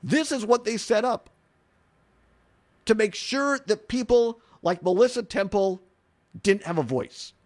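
A man hosting an opinionated talk radio show from a studio, animated and mocking, laughing often. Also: high voice, unhurried, long pauses.

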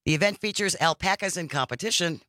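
Lively radio host guy, slightly high voice, dry mic, chatty banter. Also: fast, dry recording. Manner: lively, reads news items aloud.

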